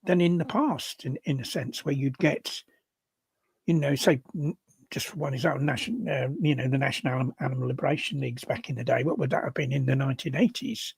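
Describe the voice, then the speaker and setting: An older man from England co-hosting a casual discussion, talking in halting bursts with many restarts and repeated words. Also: medium pitch, animated, vocal fry, husky, dry recording. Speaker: podcast co-host.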